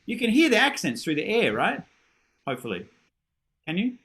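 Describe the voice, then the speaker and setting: A man's voice: high voice, huge pitch swings, normal speed, very noisy. Upbeat man teaching on a video call. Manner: encouraging, self-deprecating, demonstrates with sung syllables. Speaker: horn teacher giving a masterclass.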